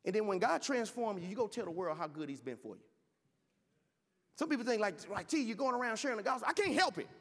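A male pastor delivering an impassioned sermon, his voice a bit high for a man. He often stumbles and restarts his words. A long reverb trails each line, as in a large hall. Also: sing-song, fast, fairly bright tone. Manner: impassioned storytelling preacher with repeated restarts.

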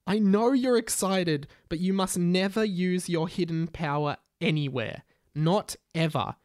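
A man's voice: high-pitched, unhurried, a little mellow, dry recording, studio quality. A man doing a bossy young witch. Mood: scolding. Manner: bossy, scolding. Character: stern young witch teaching magic.

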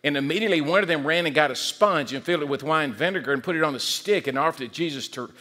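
Animated pastor with a bright voice. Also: male voice, a little high, racing. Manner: animated, repeats words, acts out quoted voices. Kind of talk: sermon.

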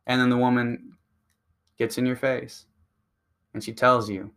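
A man's voice: mid-range voice, level tone, measured pace, vocal fry, fairly bright tone, smooth. A man delivering a profane, combative ranting monologue that speeds up when he gets heated. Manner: crude, combative, and provocative.

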